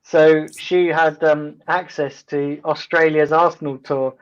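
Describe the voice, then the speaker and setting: A man hosting a casual football watch-along, telling stories in a rambling, halting way with many ums and restarts. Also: a little high, flat delivery, smooth, dull audio. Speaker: host.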